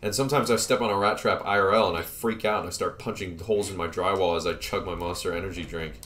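A young man hosting a let's play, joking casually with a co-host and breaking into sudden yells at the game. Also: sits low, steady tone, fast talker. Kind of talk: casual gameplay commentary.

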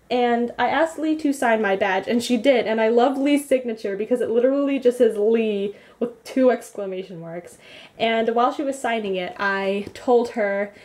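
A young woman vlogging, telling a rambling story with frequent giggles. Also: on the high side. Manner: rambly, giggly, animated retelling. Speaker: beauty vlogger. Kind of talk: casual vlog recap.

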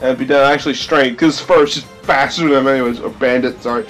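A man hosting a game let's play, with goofy, excitable commentary full of silly sound effects. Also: mid-range voice, fast talker, hardly any pauses, faint music behind.

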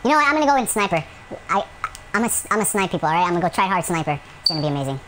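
A man's voice: high voice, very animated, rapid-fire, background noise. A man giving gameplay commentary at home, rambling with many fillers and breaking into yelps and rants at the game. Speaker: gaming channel host.

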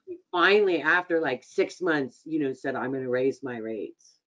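A woman's voice: very deep voice, expressive, normal speed, fairly bright tone, highs cut off. A woman on a video call, chatting and sharing an anecdote about her husband. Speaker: participant. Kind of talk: casual chat on a video call.

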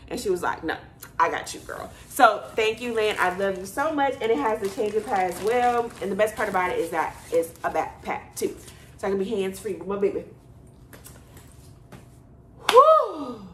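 A woman from Houston, Texas vlogs to camera in her bedroom apartment, chatting casually and telling stories packed with fillers. Her voice is medium-pitched and a bit bright, and the room sounds echoey.

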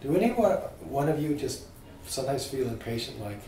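A man teaching a small group about scripture, informal and animated, asking his listeners questions. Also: medium pitch, fairly quick, roomy sound, far from the mic, a little hiss or hum, rough recording. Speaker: priest teaching a catechism class.

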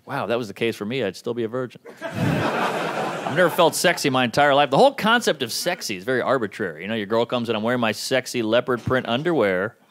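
A man doing a stand-up comedy set on a club stage, with a wry, incredulous delivery that jumps into high voices for bits. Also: very animated, fast talker, a bit bright, slight background noise.

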